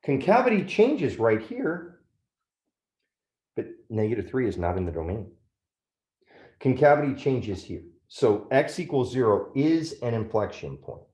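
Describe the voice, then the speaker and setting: A man's voice: medium pitch, very animated, a little slow, pauses often, a little mellow, reverberant. A man teaching a math lesson step by step, often checking in with "right?".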